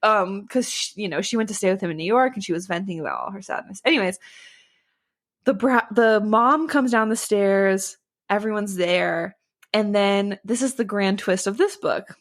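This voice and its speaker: Chatty sarcastic young woman podcaster. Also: mid-range voice. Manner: chatty, sarcastic, laughs often, quick asides. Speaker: podcast co-host. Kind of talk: casual chat recapping a book.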